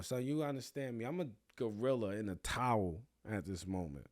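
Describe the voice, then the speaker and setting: A man's voice: lowish voice, fairly quick, hardly any pauses, no room sound, studio quality. A young man hosting a podcast, telling a crude, comedic story with lots of swearing and bragging. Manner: animated, profane, crude bragging humor. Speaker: podcast host.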